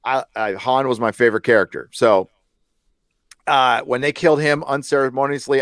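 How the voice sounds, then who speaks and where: A man's voice: medium pitch, fairly quick, fairly bright tone, dry recording, studio quality. A man co-hosting a casual podcast chat, talking in a blunt, sarcastic and profane way. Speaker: podcast co-host.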